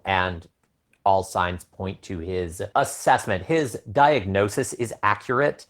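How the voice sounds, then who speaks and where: Low-voiced, thoughtful man on a podcast. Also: measured pace, fairly bright tone. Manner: thoughtful and analytical. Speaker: podcast co-host. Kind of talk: casual podcast review chat.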